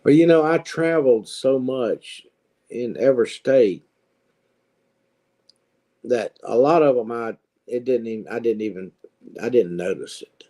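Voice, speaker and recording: Slow, mellow-voiced man. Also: mid-range voice, expressive. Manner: drawling storyteller, folksy grammar. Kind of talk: casual chat.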